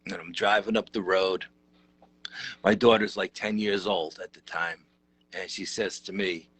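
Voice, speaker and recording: Low-voiced New man, bright and dry. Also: normal speed, no echo. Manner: animated, conversational, rough-edged. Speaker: interview guest, paranormal researcher. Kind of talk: casual storytelling.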